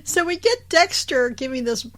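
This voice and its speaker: A woman's voice: high voice, sing-song, moderate pace. A woman co-hosting a podcast, recapping a show in casual chat, laughing often and acting out the characters' lines. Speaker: podcast co-host.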